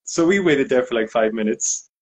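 A man's voice: medium pitch, normal speed, slightly rough. A man in a casual interview, telling a story with lots of fillers and acted-out quotes. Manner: animated anecdote, acts out quotes. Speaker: guest DJ.

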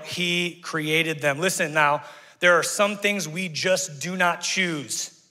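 Animated pastor preaching in a reverberant church. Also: male voice, high voice. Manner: animated, conversational preaching with asides to the congregation. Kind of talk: sermon. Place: church sanctuary. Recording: long church hall reverb.

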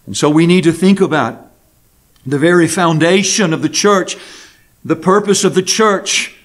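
Slow, high-voiced preaching man. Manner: slow, deliberate preaching with emphatic pauses on key words. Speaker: pastor. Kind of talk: sermon. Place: church sanctuary.

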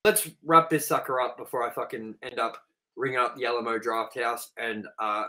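A man's voice: medium pitch, fairly even intonation, moderate pace, sharp tone. An Australian man co-hosting a podcast, ranting in a heated, profane casual chat. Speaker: podcast co-host.

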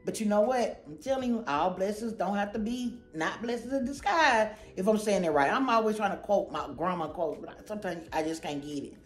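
A woman's voice: medium pitch, lively intonation, brisk, hardly any pauses, roomy sound, faint music behind. A woman hosting her own channel, chatting casually and goofily to camera about a shopping haul, rambling with lots of slang. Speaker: channel host.

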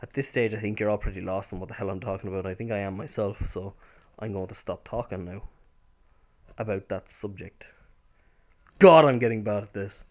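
A man's voice: fairly low pitch, a little fast. Young man rambling over gameplay. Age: young adult. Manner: rambling, with sudden excited outbursts. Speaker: gameplay commentator. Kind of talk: casual gameplay commentary.

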